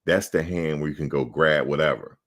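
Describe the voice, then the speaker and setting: A middle-aged man with a very low, deep voice tells casual, animated stories. He gets loud and emphatic, swears freely and acts out the other people in his stories. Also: fairly quick. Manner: loud, emphatic, profane, acts out quoted exchanges. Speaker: sports show host.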